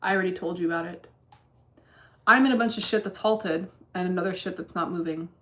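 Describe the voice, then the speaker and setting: A woman hosting a casual livestream, reading chat aloud while day trading, blunt and deadpan with plenty of profanity. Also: lowish voice, brisk.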